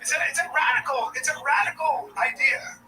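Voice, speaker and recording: High-voiced man doing stand-up, distant noisy mic. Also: fairly quick. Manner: sardonic, bursts into shouts. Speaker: stand-up comedian. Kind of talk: stand-up comedy set. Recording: distant mic with clear background noise.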